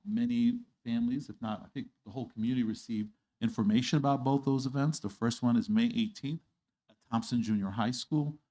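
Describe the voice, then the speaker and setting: A man addressing a school board meeting, earnest and a bit halting, restarting his phrases as he goes. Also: medium pitch, a little mellow. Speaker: school district official. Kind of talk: public meeting remarks.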